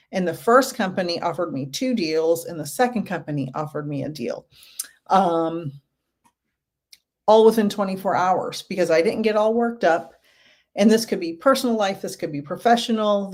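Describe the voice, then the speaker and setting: A woman giving card readings to a live chat audience, gentle and reassuring, calling out viewers' names again and again. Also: lowish voice. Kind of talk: livestream reading.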